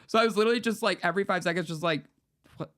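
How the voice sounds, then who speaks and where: A young man co-hosting a podcast, telling crude, animated stories in casual chat with a lot of swearing. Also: high voice, racing. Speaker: podcast co-host.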